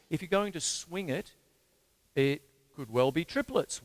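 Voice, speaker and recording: Australian drum teacher counting beats aloud. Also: male voice, on the high side, expressive, measured pace, over loud music. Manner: counts beats aloud in rhythm, chatty with fillers. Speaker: drum teacher and show host. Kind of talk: casual drum lesson talk. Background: drum kit playing.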